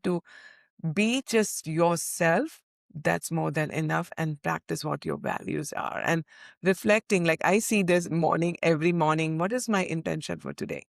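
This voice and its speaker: A woman's voice: deep voice, normal speed, vocal fry, no echo, clean studio sound. A woman guest sharing mindfulness practices in an earnest, reflective way, often restarting her phrases. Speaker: podcast guest, mindfulness coach. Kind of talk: interview conversation.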